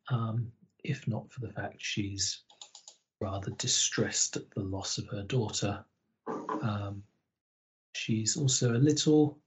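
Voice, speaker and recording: A man's voice: on the low side, a little mellow, muffled recording. A man playing a tabletop game, describing his character hesitantly and thinking aloud. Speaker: player. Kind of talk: casual tabletop game chat.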